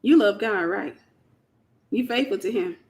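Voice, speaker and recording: A woman's voice: mid-range voice, measured pace, darkish tone. A woman from the United States hosting a casual Christian teaching talk, speaking in an emphatic, colloquial way and repeating her key phrases. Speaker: host.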